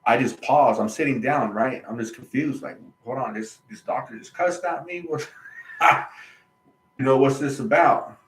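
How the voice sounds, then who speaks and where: A man's voice: medium pitch, moderate pace, reverberant, rough recording. A man, host of his own channel, telling a personal story in a casual, emphatic monologue. He repeats himself and uses colloquial slang.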